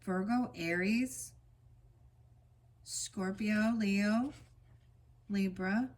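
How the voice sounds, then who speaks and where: A woman reading oracle cards in a casual spiritual vlog, switching between slow, gentle card readings and rambling chatty asides. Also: mid-range voice. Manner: reads card meanings in a soft, slow cadence.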